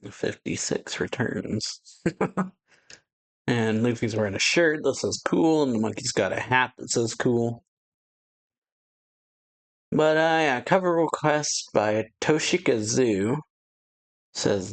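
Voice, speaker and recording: A man hosting a reaction video, casually reading a manga chapter aloud with laid-back commentary. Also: mid-range voice. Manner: laid-back, slow, filler-heavy.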